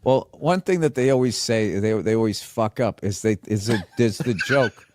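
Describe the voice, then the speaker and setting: A man's voice: on the low side, animated, normal speed, no echo, studio quality. A man from Boston with a Boston accent, teasing and laughing in a casual chat as a comedian guest.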